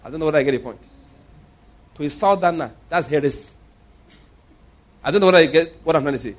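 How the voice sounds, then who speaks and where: Middle-aged Nigerian preacher, slightly high voice, storytelling sermon, loud points then quiet asides. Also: male voice, fast talker. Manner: anecdotal, swings between loud emphasis and quiet asides.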